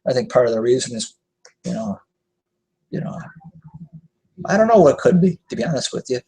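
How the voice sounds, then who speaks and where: A man's voice: medium pitch, big pitch swings, brisk, creaky, mellow, breathy edge, low-quality recording. A young adult man hosting a live online talk show, chatting casually and loosely with lots of fillers, self-corrections and casual swearing. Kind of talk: casual rambling chat.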